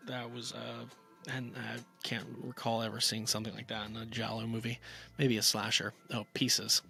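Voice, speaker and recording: A man talks through a film review in a loose, rambling way, circling back with plenty of fillers and restarts. His voice is bright and forceful at a middle pitch, and soft music plays faintly underneath. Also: flat delivery, moderate pace, gravelly. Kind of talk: casual spoken movie review.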